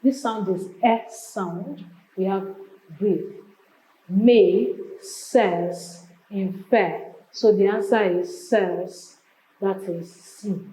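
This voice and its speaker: A woman's voice: mid-range voice, drawn-out words, warm tone. A woman teacher with a Nigerian English accent, taking students through exam questions step by step and reading each option aloud. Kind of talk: exam revision lesson. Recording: echoey room.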